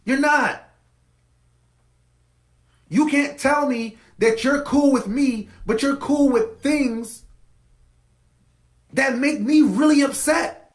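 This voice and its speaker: A man's voice: very high-pitched, takes it slowly, pauses often, reverberant, poor audio. A man hosting a podcast, delivering an impassioned commentary monologue with emphatic repetition. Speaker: podcast host.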